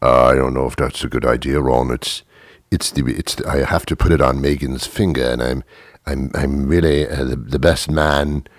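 A man's voice: steady tone, normal speed, dry recording, clean studio sound. A man voicing a fussy, nervous young prince on his wedding day, hesitant and stammering. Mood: fretful. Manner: hesitant and stammering, turning shrill and panicky.

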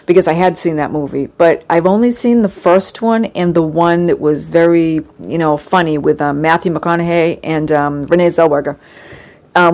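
A woman's voice: on the low side, darkish tone. A woman in a casual chat, talking in a rambling, gushing way with plenty of fillers. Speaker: vlogger recounting a fan convention.

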